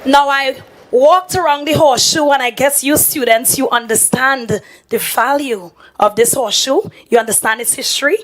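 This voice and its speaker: A woman's voice: sits high, normal speed, a bit bright, rough recording. A woman with a strained voice, giving a formal speech to students in a legislative chamber and putting rhetorical questions to the room. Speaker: education secretary giving remarks.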